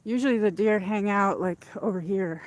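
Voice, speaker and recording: A woman's voice: medium pitch, moderate pace. Chatty woman livestreaming on a lake walk. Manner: chatty, rambling, talks to viewers. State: out of breath from walking uphill. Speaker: livestream host. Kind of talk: casual walking livestream chat. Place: outdoors on a walk around a lake.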